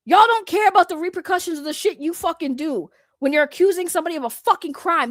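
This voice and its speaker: A woman's voice: very high-pitched, animated, fast talker, hardly any pauses, a bit bright, dry recording, clean studio sound. A young woman giving a heated, profane commentary rant in blunt, slangy talk. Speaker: commentary YouTuber.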